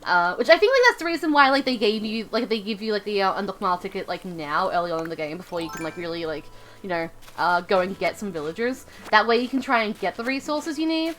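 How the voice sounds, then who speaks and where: Woman streamer rambling n joking over her game, bouncy pitch, soft music behind. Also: lively intonation, quick pace. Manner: rambling, joking, many fillers. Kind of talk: casual game stream chat.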